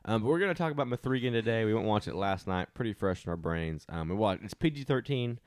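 Young guy hosting a movie podcast, low voice, quick and rambly, dry sound. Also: expressive, dry recording. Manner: rambling with many restarts and fillers. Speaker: podcast host. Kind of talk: casual movie review chat.

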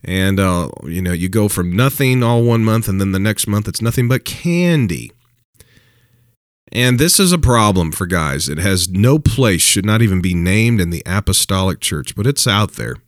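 Lively, low-voiced preaching man. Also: moderate pace, dry recording, studio quality. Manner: emphatic, repetitive, chuckling between points. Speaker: Christian dating advice preacher. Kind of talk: casual preaching talk to camera.

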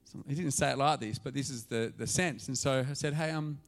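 A man preaching a sermon as pastor, telling a story and swinging from hushed asides to loud, excited calls. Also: medium pitch, a little fast, creaky.

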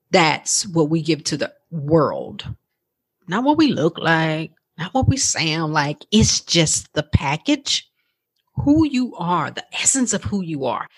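A woman's voice: fairly low pitch, a bit bright, husky. A woman hosting her own coaching podcast, talking in a chatty, encouraging way with frequent laughs and questions to her listeners. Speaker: podcast host and life coach. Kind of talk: casual motivational podcast talk.

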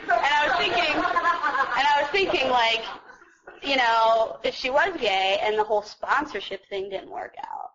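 Over a noisy crowd and through lo-fi sound, a young woman's high, unhurried voice carries as she shares her personal story at a recovery meeting. She's chatty and self-mocking, using plenty of fillers.

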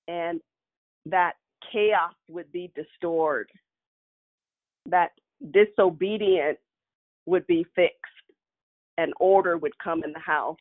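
Woman telling a childhood story over a phone line. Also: fairly low pitch. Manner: warm nostalgic telling, chuckling often. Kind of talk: personal storytelling.

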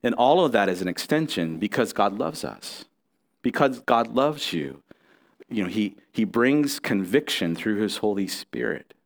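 A man's voice: lowish voice, expressive, measured pace, gravelly. A middle-aged man preaching a sermon as pastor, earnest and conversational, with restarts and asides to the congregation.

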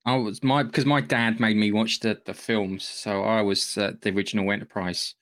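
A man's voice: fairly low pitch, little pitch movement, normal speed, fairly bright tone. Wry man, podcast co-host. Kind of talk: casual chat.

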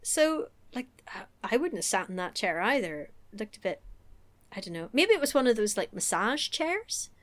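A woman's voice: medium pitch, normal speed. A woman recapping a film in casual chat as a podcast co-host, laughing often and acting out the lines. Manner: animated, laughing, acts out quotes.

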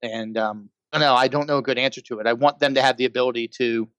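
A man's voice: mid-range voice, fairly even intonation, quick pace, fairly bright tone, smooth, dry recording. Enthusiastic man, close and dry. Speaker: panel guest. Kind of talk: casual panel discussion.

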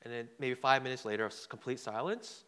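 Speaking a little fast, this preacher has a medium-pitched voice that sounds pushed, bright, and clean. He shares a personal story in his sermon in a loose, conversational style, repeating words and checking with the crowd, "right?" The hall gives a long reverb.

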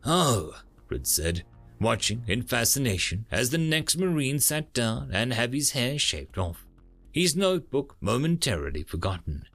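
A man narrating a story in a lively storytelling manner. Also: mid-range voice, normal speed, vocal fry, soft background music. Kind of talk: audiobook narration.

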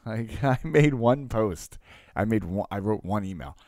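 A man casually telling a story to his audience in a lively way, acting out both sides of a conversation and tagging his lines with "right?". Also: lowish voice, fast, dry recording, clean studio sound. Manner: animated, acts out dialogue, constant "right?" tags. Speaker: coach and online marketer.

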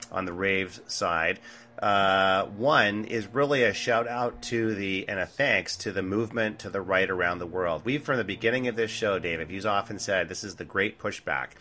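A man with a low-pitched but bright, forceful voice, talking in casual political chat as a co-host. He sounds blunt and emphatic, and he drops in mocking asides. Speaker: podcast co-host.

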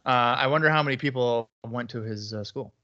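A man's voice: medium pitch, a little fast, bright, forceful tone. Man with blunt dry reactions, muffled mic. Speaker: podcast co-host. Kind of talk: casual podcast chat. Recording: slightly dull, muffled mic.

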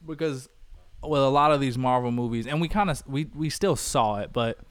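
A man chats casually on a film review podcast, breaking into laughter and playing out scenes as he recounts them. His voice is smooth and resonant at a middle pitch. The sound is dry and close to the mic. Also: fairly quick, no room sound. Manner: animated, laughs often, acts out lines. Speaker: podcast co-host. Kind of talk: casual movie review chat.

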